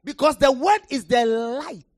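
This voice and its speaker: A preacher giving a sermon, shouting key phrases, then dropping to near quiet and calling on listeners to respond. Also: high voice, a little slow, no room sound, studio quality. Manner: impassioned, shouting for emphasis with sudden drops to quiet; calls for audience response.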